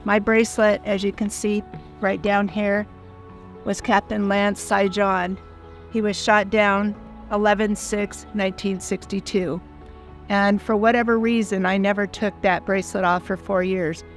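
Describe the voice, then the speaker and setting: An older woman in her sixties tells her story in an earnest, heartfelt, plain-spoken way. Her voice sits at a middle pitch and stays quite flat and level. Soft music plays faintly behind her. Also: a little slow. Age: 60s. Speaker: foundation founder. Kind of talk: personal storytelling.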